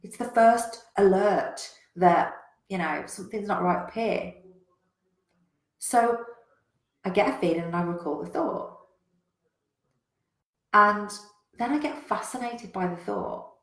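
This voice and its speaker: A woman business coach, giving a frank, animated motivational talk to a live chat and swearing freely. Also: medium pitch, unhurried, long pauses. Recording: roomy echo.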